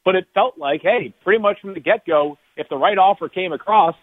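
A man's voice: sits high, brisk, no room sound. A man calling in as a guest analyst on a sports radio show, rambling with many restarts and fillers. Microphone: phone. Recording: tinny phone line.

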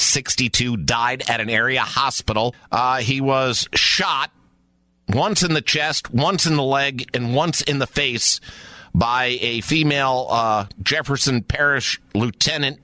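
A man's voice: mid-range voice, pushed and bright, dry recording. A man playing an earnest TV news anchor who stumbles and keeps correcting himself. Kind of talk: comedic prank news bit.

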